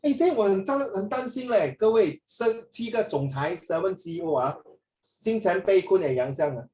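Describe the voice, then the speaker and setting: Animated man teaching in an echoey room. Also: sits high, brisk. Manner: animated, mixes in Mandarin, frequent "ah" tags. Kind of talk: classroom lesson. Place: classroom. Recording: echoey classroom from a distance.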